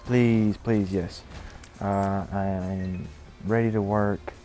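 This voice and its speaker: A man's voice: fairly low pitch, steady tone, slow pace, mellow, soft background music. A man voicing a meek, eager-to-please broke man in a story he tells over gameplay, hesitant and pleading.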